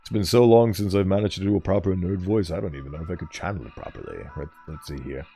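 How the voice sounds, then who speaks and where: A man's voice: low voice, quick pace, mellow, soft background music. A man streaming a game, chatting playfully with viewers and laughing often. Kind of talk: casual gameplay commentary.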